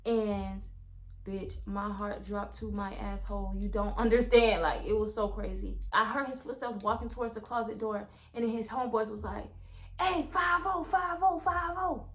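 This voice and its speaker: Young woman, story-time vlog, casual, animated, swears, talks to viewers. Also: mid-range voice, normal speed. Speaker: vlogger.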